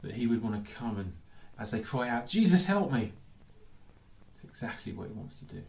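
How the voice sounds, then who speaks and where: A man's voice: on the low side, steady tone, fast, creaky, darkish tone. An English man giving a sermon as pastor, thinking aloud with lots of questions and repeated "I don't know"s. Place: church hall. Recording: echoey church hall.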